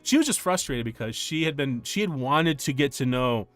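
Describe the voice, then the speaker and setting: A man's voice: medium pitch, normal speed, faint music behind. A middle-aged man chatting casually on a stream, telling a story and laughing often. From United States. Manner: animated, laughs often, acts out quoted voices.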